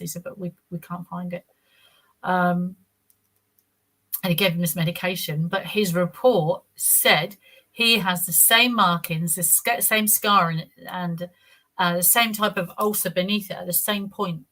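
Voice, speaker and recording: A woman's voice: lowish voice, bright, forceful tone. A woman telling her own story in a rambling, casual way, repeating words and acting out what others said. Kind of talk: casual personal account.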